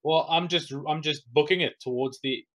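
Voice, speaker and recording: A man's voice: fairly high pitch, moderate pace. A man playing a tabletop game in a playful, jokey way. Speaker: player. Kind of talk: casual tabletop game chat.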